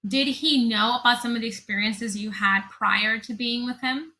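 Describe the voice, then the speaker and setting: A woman hosting an interview podcast, affirming her guest and asking gentle questions. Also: on the high side, fairly even intonation, normal speed, poor audio. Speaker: podcast host.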